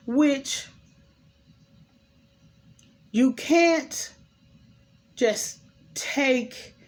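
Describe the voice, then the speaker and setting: A woman recapping a TV episode in a chatty, opinionated way, full of asides and fillers. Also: lowish voice. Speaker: TV episode reviewer. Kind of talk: casual recap commentary.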